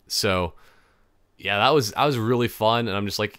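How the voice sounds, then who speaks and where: A young man talks loosely through his own podcast, wandering from one thought to the next and cutting himself off along the way. His voice sits low and sounds clean and smooth. The sound is close and dry, with no room around it. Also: normal speed, fairly bright tone, no room sound. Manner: rambling, self-interrupting, laughs at own jokes. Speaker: podcast host. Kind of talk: casual solo podcast chat.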